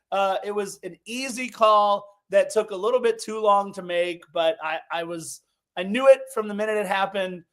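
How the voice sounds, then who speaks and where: High-voiced man telling a match story. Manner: animated storyteller, emphatic. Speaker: podcast co-host. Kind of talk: casual sports podcast chat.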